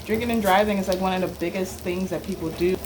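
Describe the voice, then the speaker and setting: Woman, co-host, casual chat, earnest, mid-pitched, clear background noise. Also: steady tone, quick pace.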